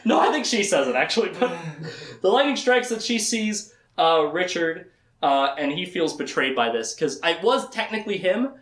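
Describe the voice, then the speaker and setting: A man's voice: sits high, lively intonation, moderate pace, fairly bright tone, echoey room, a little hiss or hum. A man casually recapping a fantasy novel for a podcast, rambling, laughing and quoting the characters. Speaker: podcast host. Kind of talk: casual book discussion.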